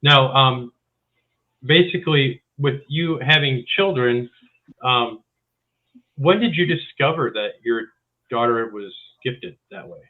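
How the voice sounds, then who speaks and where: A man at a middle pitch asks questions as interview host, his voice thin and narrow as if heard over a phone line. He fills the pauses with quick words of agreement. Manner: frequent short affirmations. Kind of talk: casual interview. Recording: tinny phone-line sound.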